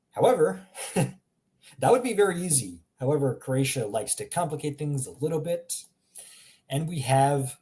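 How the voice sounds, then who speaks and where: A man giving a casual spoken language lesson, explaining sounds with self-aware humor and repeating them slowly to demonstrate. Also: medium pitch, big pitch swings, dark tone. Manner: chatty, self-aware explaining with little laughs. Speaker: language teacher.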